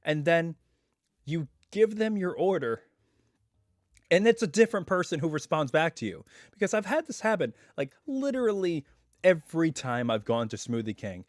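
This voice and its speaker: A man hosting a casual live stream from home, chatting in a rambling way full of asides, his voice still a little hoarse as it recovers. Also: a little high, sing-song, normal speed, no room sound, clean studio sound.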